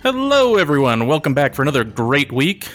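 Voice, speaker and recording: A man's voice: medium pitch, expressive, brisk, a bit bright, soft background music. A man hosting a comedy podcast, reading out facts playfully and laughing often. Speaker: podcast host. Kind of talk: casual comedic chat, presenting facts.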